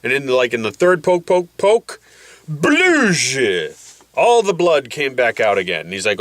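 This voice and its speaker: A man's voice: mid-range voice, wildly swooping pitch, measured pace, a bit bright, no echo. A man telling a rambling, jokey vlog story with his nose packed by a balloon, putting on voices as he goes. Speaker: vlogger.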